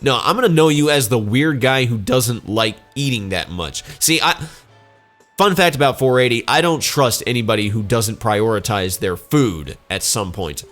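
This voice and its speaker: Sarcastic let's play host. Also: male voice, medium pitch, expressive, moderate pace, fairly bright tone, soft background music. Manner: sarcastic and joking. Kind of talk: casual gameplay commentary.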